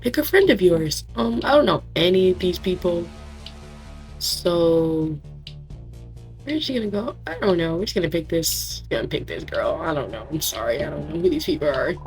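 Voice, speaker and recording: A woman's voice: sits low, expressive, normal speed, soft background music. A young woman with a scratchy voice giving joking, self-mocking commentary while playing a horror game. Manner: jokey, self-mocking, giggly asides. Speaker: gamer. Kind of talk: let's play commentary.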